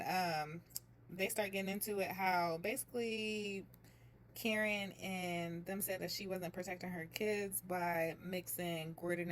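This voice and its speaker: A young woman chatting casually as she recaps a reality show, telling it in a lively way and slipping into other people's voices. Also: on the low side, slight background noise. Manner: chatty, animated retelling with quoted voices.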